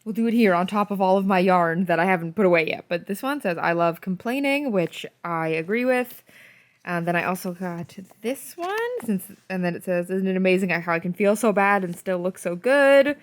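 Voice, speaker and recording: A woman's voice: lowish voice, moderate pace. Chatty young woman vlogging. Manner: chatty and excitable, many fillers. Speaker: convention artist vlogger. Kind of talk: casual vlog chat.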